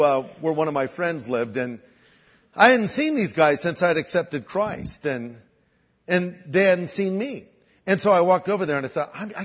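An older man preaching a sermon as a guest pastor, telling a story with animated voices for the people in it. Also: high voice, long reverb tail. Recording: dull lo-fi sound.

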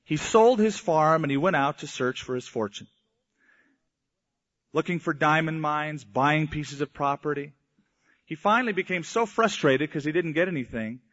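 Male pastor with a higher-than-usual voice, storytelling sermon delivery, dull lo-fi recording. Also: moderate pace, a bit bright. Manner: storytelling preacher, voices quoted people in mock old English. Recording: dull lo-fi sound.

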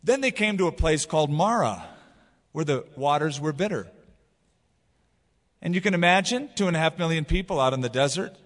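A man preaching a sermon as pastor, retelling scripture in a casual, animated way. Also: on the high side, moderate pace, pauses often, long reverb tail. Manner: casual, animated storytelling with paraphrase.

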